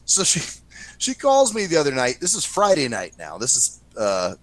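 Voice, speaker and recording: A man hosting a casual talk show, telling a story in a profane, lively way and acting out what others said. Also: fairly high pitch, moderate pace, no echo, low-quality recording. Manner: profane, animated anecdote-telling, acts out quoted voices. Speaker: podcast host.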